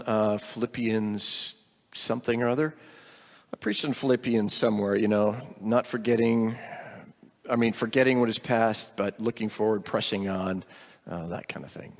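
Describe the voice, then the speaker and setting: A man's voice: lowish voice, big-room sound. A middle-aged man, a pastor, casually reporting on a mission trip to his congregation, rambling with many ums and light jokes.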